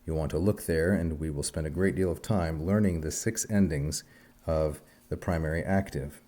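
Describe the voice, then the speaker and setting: A man teaching a Greek language lesson in a measured, methodical way, drilling endings aloud. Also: rumbling low, mellow.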